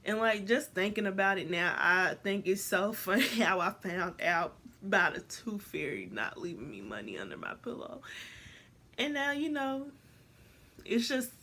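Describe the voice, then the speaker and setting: A woman's voice: moderate pace, creaky. A teenage girl vlogger telling a casual storytime, rambling with many restarts and jumping into voices for quotes. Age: teens. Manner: animated, jumps into high voices to act out quotes.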